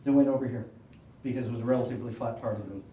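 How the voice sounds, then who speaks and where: A man's voice: medium pitch, fairly even intonation, very fast, warm tone. Chatty Canadian man presenting in an echoey hall. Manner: chatty, rambling, with frequent restarts and joking asides. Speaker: presenter at an astronomy club meeting. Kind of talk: casual hands-on presentation. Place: meeting room. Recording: echoey room, voice from far off, faint hiss.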